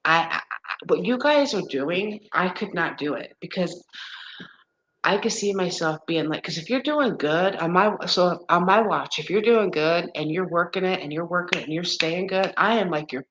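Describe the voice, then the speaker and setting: A low-pitched woman in her fifties talks wearily in a casual chat with a friend. She rambles, exasperated, stumbling through restarts and fillers. A faint hiss sits under her voice. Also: normal speed, a bit bright, rough recording. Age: 50s. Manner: weary, complaining of exhaustion. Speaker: woman talking with a friend about menopause.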